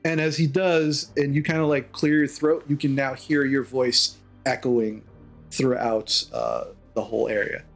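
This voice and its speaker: A man's voice: medium pitch, flat delivery, measured pace, soft background music. A man running a tabletop game, narrating scenes loosely with plenty of fillers. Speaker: game master.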